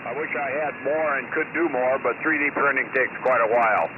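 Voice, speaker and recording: A man's voice: mid-range voice, narrow, tinny audio. Emotional man over noisy radio. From Minnesota. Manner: halting, emotional. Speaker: caller, amateur radio operator.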